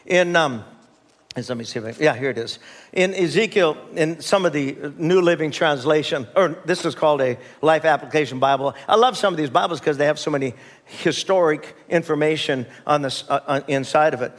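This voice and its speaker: Older guy pastor preaching, fairly high voice, chuckles, folksy asides, gets the crowd saying amen. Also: brisk. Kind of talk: sermon.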